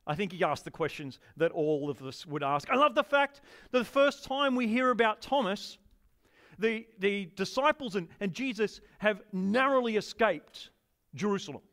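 A man's voice: high-pitched, animated, moderate pace, fairly bright tone. A man preaching a sermon to a congregation, enthusiastic and conversational, often turning questions to the listeners. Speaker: pastor.

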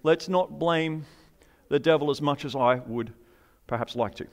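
A man's voice: a little high, normal speed. A man preaching a sermon in a humorous, conversational way, asking the congregation questions and joking about everyday life. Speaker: pastor.

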